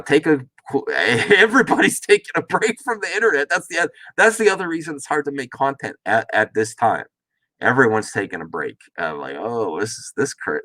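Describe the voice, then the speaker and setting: A man thinks out loud in a reaction commentary, his pitch jumping around lively as he restarts sentences. The sound is close and dry, with no room in it, and he trails off into chuckles and asides. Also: dry recording. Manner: rambling, self-interrupting, chuckling asides. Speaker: reaction video host. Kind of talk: casual commentary. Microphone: worn face mask while talking.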